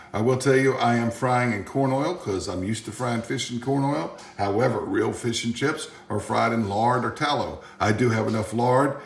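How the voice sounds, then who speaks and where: Folksy man cooking in an echoey kitchen. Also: mid-range voice. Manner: rambling, folksy, joking asides. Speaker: home cook hosting a cooking channel. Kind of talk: casual cooking demonstration. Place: home kitchen, indoors. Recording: echoey kitchen with clattering pots.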